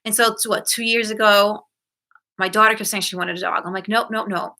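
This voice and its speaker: A woman's voice: medium pitch, fairly even intonation, fairly quick, bright, forceful tone. A middle-aged woman hosting a self-help talk, chatting in a rambling, self-correcting way and acting out quoted lines in a shifted voice. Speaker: self-help podcast host. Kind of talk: casual solo talk.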